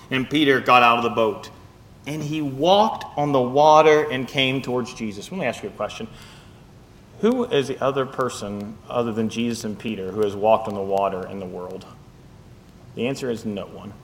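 A man preaching a sermon, reading scripture slowly and swinging from quiet asides to loud, high, impassioned stretches. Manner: reads scripture aloud slowly.

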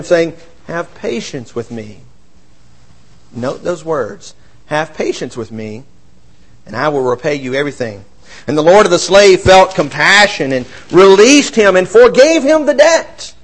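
Male preacher with a high voice, expressive sermon delivery that rises for emphasis and drops for quiet asides. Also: poor audio. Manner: expressive, swings between raised emphasis and quiet low asides.

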